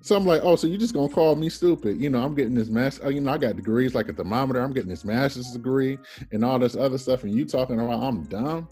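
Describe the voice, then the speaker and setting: A man in his thirties, a podcast guest telling an animated personal story and acting out the people in it. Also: medium pitch, fast talker, faint music behind. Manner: animated storyteller, acts out quoted voices, laughs often.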